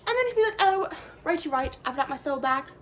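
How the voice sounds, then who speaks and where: A woman's voice: high voice, expressive, quick pace. A young woman playing a self-serious fake professor in an improvised comedy sketch, talking in a rambling, mock-serious way with lots of fillers and trailing sentences. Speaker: comedy creator.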